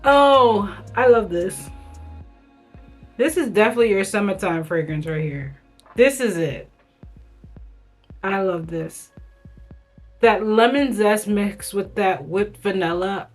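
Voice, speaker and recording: A woman's voice: mid-range voice, lively intonation, slow, pauses often, faint music behind. A woman beauty vlogger giving a casual, enthusiastic product review, chatting directly to her viewers.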